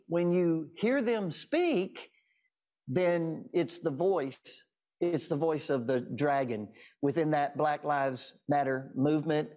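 A man's voice: a little high, a little mellow. An American man hosting a call-in show, preaching in an impassioned, emphatic way, repeating his phrases for effect. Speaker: host.

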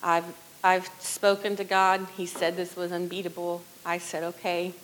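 A middle-aged woman sharing a personal testimony in church, earnest and conversational, often dropping to a hushed voice. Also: fairly low pitch, monotone, moderate pace, poor audio. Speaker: worship leader sharing testimony.

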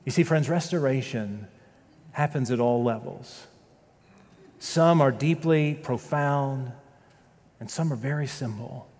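Pastor preaching in an echoing church. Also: male voice, medium pitch. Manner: storytelling, rising loud in dramatic moments, dropping soft and slow for prayer. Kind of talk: sermon. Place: church sanctuary. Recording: long reverb of a church sanctuary.

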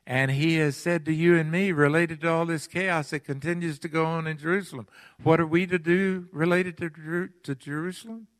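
A man preaching a sermon in a church, earnest, asking the congregation pleading questions and pausing between phrases. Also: a little high, fairly even intonation, dry recording. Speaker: pastor. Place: church sanctuary.

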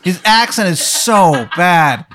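A man's voice: sits high, lively intonation, slow pace, pushed and bright, a little hiss or hum. A man narrating a tabletop game as game master, rambling with crude, profane jokes.

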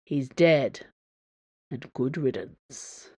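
A woman's voice: rumbling low, expressive, drawn-out words, a little mellow, no echo, pitched below the performer's own voice, exaggerated voice. A woman voicing a bitter, weary drunken male swordsman who speaks curtly and dismissively. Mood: snarling. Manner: curt, gruff, dismissive.

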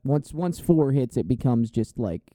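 Loose, profane podcast guy, warm lively voice. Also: medium pitch, normal speed, dry recording. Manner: loose, profane, trails off often. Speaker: podcast co-host. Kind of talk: casual chat.

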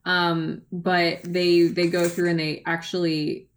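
A woman's voice: fairly low pitch, flat delivery, slow pace. Rambling woman retelling history. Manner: rambling storyteller, many fillers and restarts. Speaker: podcast co-host. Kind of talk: casual history chat.

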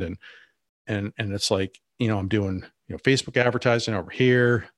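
A man's voice: on the low side, fairly quick, a bit bright, dry recording, studio quality. A man co-hosting a business podcast, talking casually and rambling with many restarts and asides. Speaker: podcast co-host.

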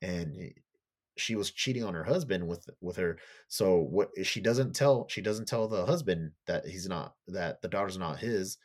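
Man, deep voice, casual podcast chat, swears a lot, rambling plot recap. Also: moderate pace. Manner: loose, profane storytelling; acts out characters' lines in a raised voice. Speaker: podcast co-host.

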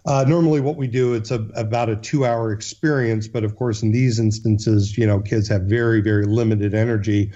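A man's voice: fairly low pitch, steady tone, brisk, few pauses, dark tone, lo-fi sound. A man, a guest in an interview, telling a long story earnestly, with frequent restarts and fillers.

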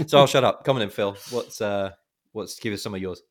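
Low-voiced man hosting a podcast. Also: normal speed. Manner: animated, swears freely, self-mocking. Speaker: podcast host. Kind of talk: casual podcast chat.

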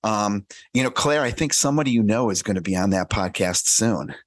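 A man's voice: fairly low pitch, expressive, a little fast, no room sound. A man talking as a podcast guest, blunt and profane, often laughing as he speaks. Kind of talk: casual podcast conversation. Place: in America.

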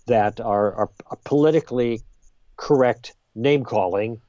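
A man guest on a podcast, explaining ideas in a lively conversational way and acting out exchanges. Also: mid-range voice, a little slow, no echo, highs cut off. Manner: lively, role-plays exchanges with emphasis. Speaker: guest author.

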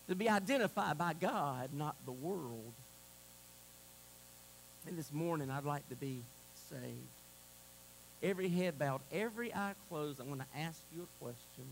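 A man preaching a sermon to a congregation, moving between loud exclamations and a hushed altar call. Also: fairly high pitch, expressive, unhurried, creaky, a little hiss or hum, rough recording. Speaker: pastor. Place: church sanctuary.

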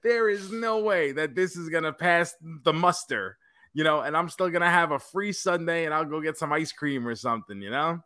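A man's voice: fairly high pitch, normal speed, sharp tone, no room sound, studio quality. A man co-hosting a podcast, telling a story in a casual chat, acting out quoted lines and laughing often. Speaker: podcast co-host.

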